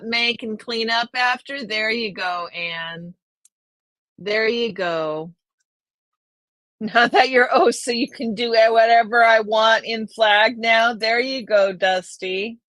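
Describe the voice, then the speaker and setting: Slow-talking chatty woman. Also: on the high side, sharp tone, no echo. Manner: chatty, reads viewer names aloud, drawls slowly. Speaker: livestream host. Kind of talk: casual live stream chat reading viewer comments.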